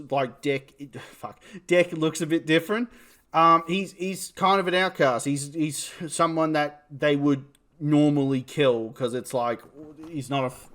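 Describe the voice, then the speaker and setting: A man with a New Zealand accent, casually reviewing a film, rambling and swearing as he talks. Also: medium pitch. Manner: rambling, swears, laughs at himself. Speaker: movie reviewer.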